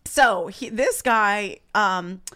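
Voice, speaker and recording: A woman in her twenties telling a dating story as a podcast co-host, animated and profane. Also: medium pitch, extremely slow. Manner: animated storyteller, swears and laughs often. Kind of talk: casual chat.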